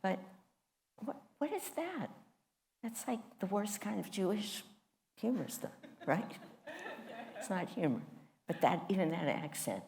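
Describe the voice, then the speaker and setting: A woman's voice: mid-range voice, animated, a little slow, gravelly, long pauses, warm tone. A woman teaching a spiritual class, telling a personal story in a candid, self-mocking way.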